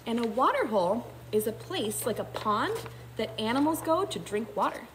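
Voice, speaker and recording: A woman kindergarten teacher reads a picture book aloud and pauses to explain in a gentle, thinking-aloud manner. Her voice is fairly high and lively in pitch, and she reads at an unhurried pace. A faint hum sits under the recording.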